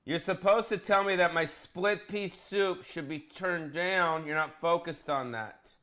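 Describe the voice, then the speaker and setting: A man's voice: on the high side, measured pace, bright, forceful tone. A man hosting a casual comedic cooking vlog, bossy and profane, teasing his cameraman. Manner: crude, bossy, joking, profane.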